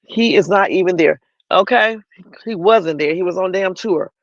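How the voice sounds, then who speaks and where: A man's voice: high-pitched, moderate pace, no room sound, lo-fi sound. A man hosting a livestream, giving chatty, opinionated commentary on the news and talking straight to his viewers. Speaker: livestream host.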